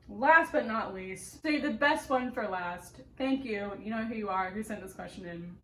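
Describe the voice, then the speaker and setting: A woman's voice: medium pitch, a bit bright. A young adult woman vlogger chatting casually while answering viewer questions, bubbly and giggly, talking with her mouth full. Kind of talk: casual chat. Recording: echoey room with faint background noise.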